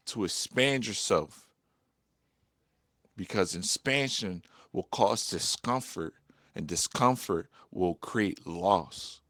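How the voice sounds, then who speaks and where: A young man talking candidly to camera in a personal vlog, frank and profane, getting animated when he vents. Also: fairly low pitch, no echo, clean studio sound. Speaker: vlogger.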